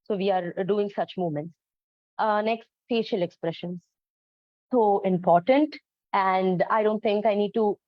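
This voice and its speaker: A woman gives an educational talk, explaining her points earnestly and pausing often on ums and uhs. Her voice sits at a middling pitch. The recording is dull and lo-fi, with a dry, close sound. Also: dry recording. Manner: earnest, explanatory, many fillers. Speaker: presenter on storytelling for autistic children.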